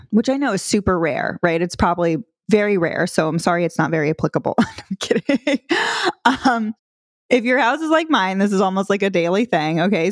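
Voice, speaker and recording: A woman in her thirties talks casually as a parenting coach, playful and chatty, with easy laughter breaking in. Her pitch sits in an ordinary middle range. The sound is dry and close, with no room echo. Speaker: parenting coach and podcast host. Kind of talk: casual instructional talk.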